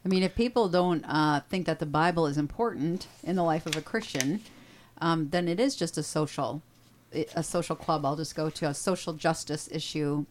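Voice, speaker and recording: A woman's voice: deep voice, moderate pace, slight background noise. A woman co-hosting a casual Catholic radio talk show, agreeable and affirming. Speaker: co-host.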